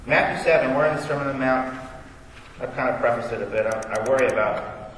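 Pastor telling a story in echoey hall. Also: male voice, mid-range voice, fast talker, a bit bright. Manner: conversational, storytelling, quotes dialogue. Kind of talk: personal story as sermon introduction. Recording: echoey hall, distant mic, background noise.

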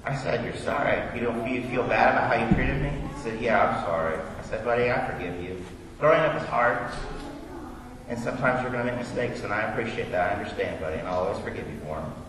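A man's voice: medium pitch, lively intonation, fast. A man, a pastor, telling a personal story in a conversational way to open his sermon. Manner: conversational, storytelling, quotes dialogue. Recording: echoey hall, distant mic, background noise.

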